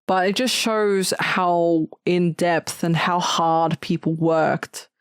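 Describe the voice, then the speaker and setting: A woman's voice: on the low side, level tone, slow, clean tone, no echo, studio quality. A woman co-hosting a podcast, talking about films in an earnest, enthusiastic casual chat. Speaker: podcast co-host.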